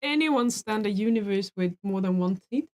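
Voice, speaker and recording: A woman's voice: medium pitch, animated, normal speed, darkish tone. Frank woman reading viewer questions. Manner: frank, casual, swears offhand. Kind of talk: live Q&A chat.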